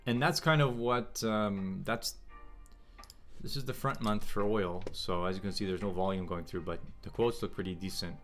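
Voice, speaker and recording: A man hosting a casual trading livestream, thinking aloud in a halting way and answering chat questions. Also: on the low side, fairly even intonation, faint music behind.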